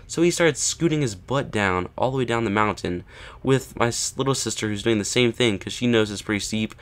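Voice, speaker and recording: A man's voice: mid-range voice, fairly quick, a bit bright, smooth. A man casually telling a story to camera, often checking in with "right?" and "okay?" and acting out what people said. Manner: acts out quoted lines with rising emphasis. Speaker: vlogger.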